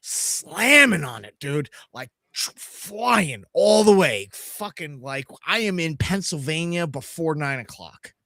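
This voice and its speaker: A middle-aged man tells a road-trip story on a live podcast, swearing freely and acting out what happened with sound effects. His voice sits a little high and swings widely in pitch. The sound is close and dry. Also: slow, hardly any pauses, no room sound. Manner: animated, swearing, sound effects while telling stories. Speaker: podcast co-host.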